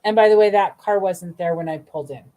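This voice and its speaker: A middle-aged woman, host of a podcast, telling a personal story in a chatty, animated way, full of asides and acted-out dialogue. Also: fairly low pitch, quick pace. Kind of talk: casual storytelling.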